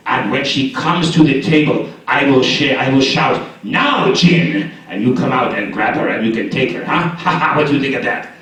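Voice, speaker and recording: A man's voice: medium pitch, moderate pace, few pauses, a bit bright, close to an everyday voice. A man playing a sly, cowardly trickster man in a live shadow puppet show, talking in a pleading, scheming way. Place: large echoey library hall, live show. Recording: echoey hall, picked up from far off.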